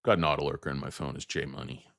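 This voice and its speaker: A middle-aged man with a low, deep voice rambles through a casual monologue and keeps drifting into crude tangents and silly impressions. His sound is dry and close, with no room around it. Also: fairly even intonation, racing, vocal fry, a bit bright, no echo. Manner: crude, joking, digressive, slips into mocking voices. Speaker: stock commentary host.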